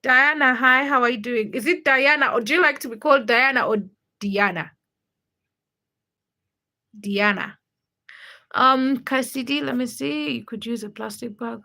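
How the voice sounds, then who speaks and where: Bright-voiced Ugandan woman greeting viewers. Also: high-pitched, moderate pace, creaky. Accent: Ugandan English. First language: a Ugandan language. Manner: greets viewers by name one after another, chatty. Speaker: livestream host. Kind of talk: casual livestream chat reading comments.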